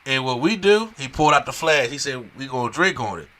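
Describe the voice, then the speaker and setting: A man casually recapping a wrestling show episode in a rambling, animated way, with frequent restarts and fillers. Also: mid-range voice, fairly quick.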